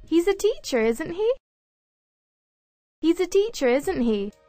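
Very high-pitched woman reading example sentences. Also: big pitch swings, mellow, soft background music. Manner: slow, deliberate intonation examples. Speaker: example speaker in audio clip.

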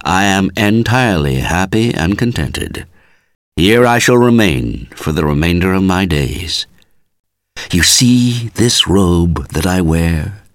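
A serene young man turned monk, easy and gently teasing, from a storybook reading, voiced by a man. His voice is a bit raised above the reader's usual low tone and swings lively. The sound is dry and close. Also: slow pace, dry recording.

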